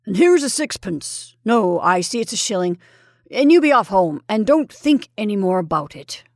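A woman voicing a gruff, blustering old military colonel who talks in a brusque, commanding way. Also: mid-range voice, sing-song, normal speed, no echo, studio quality.

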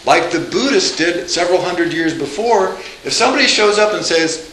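A man lecturing a college class live, lively and joking, with asides and frequent restarts. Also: high voice, moderate pace, a little hiss or hum. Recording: echoey lecture room.

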